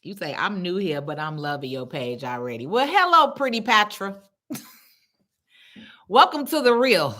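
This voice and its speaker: A woman's voice: sits low, sing-song, normal speed, pauses often, a bit bright. Blunt, profane woman livestreaming. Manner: blunt, profane, laughs often, calls viewers baby. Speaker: livestream host. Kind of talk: casual livestream chat reading comments.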